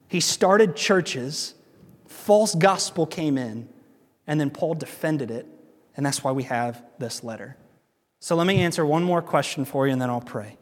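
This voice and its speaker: A male pastor preaching in a loose, conversational manner, hammering his main points through repetition. His voice sits a little higher than most men's, and a long reverb trails each phrase as if he is in a large hall. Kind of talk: sermon.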